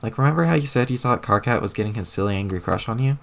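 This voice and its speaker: A man reading aloud as a wry, deadpan teenage girl adventurer who rambles. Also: fairly low pitch, racing, creaky.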